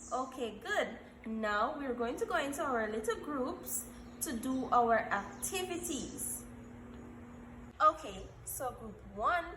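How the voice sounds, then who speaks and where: A woman teaching young children a phonics lesson, encouraging them and repeating letter sounds slowly. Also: high-pitched, a bit bright, roomy sound, a little hiss or hum. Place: classroom.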